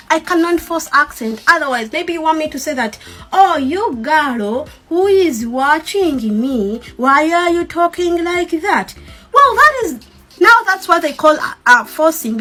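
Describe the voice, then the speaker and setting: A woman's voice: sits high, pushed and bright. A young woman, speaking defiantly and emphatically to her followers, repeating herself. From Uganda. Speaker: TikTok creator. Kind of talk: defiant talk to camera.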